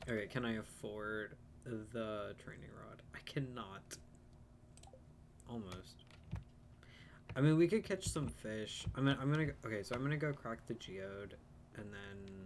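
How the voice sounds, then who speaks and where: A man's voice: fairly low pitch, measured pace, long pauses, background noise. A man streaming a farming game, chatting casually and self-deprecatingly about his plans as he plays. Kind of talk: casual let's-play commentary.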